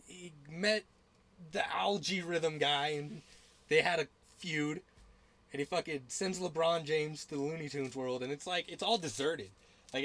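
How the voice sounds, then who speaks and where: A man's voice: on the high side, a bit bright. A young man hosting a podcast in casual chat, rambling with lots of filler words, swearing and laughter. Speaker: podcast host.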